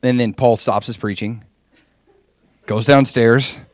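Man preaching a lively personal testimony. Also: medium pitch, takes it slowly, no room sound. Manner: animated storytelling, acts out his own past prayers and dialogue. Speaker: pastor.

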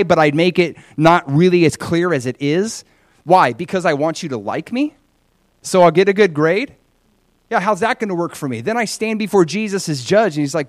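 A man preaching a sermon, telling a personal story in an earnest, animated way. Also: on the high side, moderate pace, dry recording, clean studio sound.

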